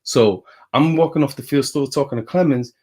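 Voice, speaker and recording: A man's voice: medium pitch, fairly quick, breathy edge. New York man telling a story. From Brooklyn, New York. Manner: animated, laughing, swearing storyteller. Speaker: guest, former pitcher. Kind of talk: casual storytelling.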